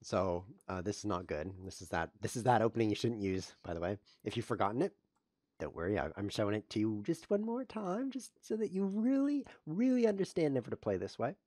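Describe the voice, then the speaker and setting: A man plays chess online while commentating live, cracking deadpan jokes at his own expense and yelping suddenly when he blunders. His voice is fairly low and brisk, recorded cleanly in a studio with no echo.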